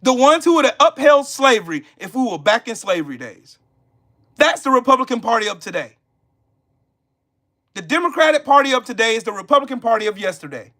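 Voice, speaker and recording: This Southern American streamer, whose voice is bright and high for a man, goes on a political rant, blunt and full of profanity, hammering each point through repetition. Very animated and a bit fast, he repeatedly breaks off to answer chat.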